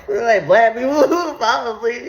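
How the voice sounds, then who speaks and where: A woman riffs through profane, comedic Bible commentary with a gravelly edge to her voice, laughing loosely in the middle of her lines. The sound is roomy, with a clear echo around her. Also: on the high side, sing-song, slow pace. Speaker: video host.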